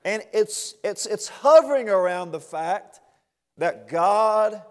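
A man preaching an impassioned sermon to a responding congregation, repeating words in rhythmic bursts that build to shouts. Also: high-pitched, animated, slow pace. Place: church sanctuary with long reverb. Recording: reverberant church hall.

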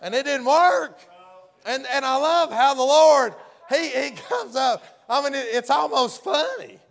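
A man's voice: very high voice, animated, unhurried, vocal fry. A man preaching a folksy sermon, often hollering and acting out the story's characters.

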